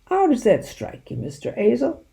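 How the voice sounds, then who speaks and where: A woman's voice: a little high, wildly swooping pitch, normal speed, creaky, warm tone, voice pushed up, heavily acted. A woman doing a crafty, folksy country sergeant. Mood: soothing. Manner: folksy dialect, mock-polite, hearty.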